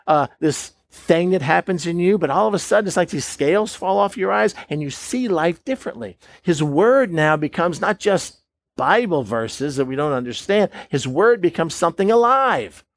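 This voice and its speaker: With no room sound, a preacher with a slightly high voice and lively intonation delivers an emphatic sermon at moderate speed. He asks his listeners questions and performs the voices of doubting believers.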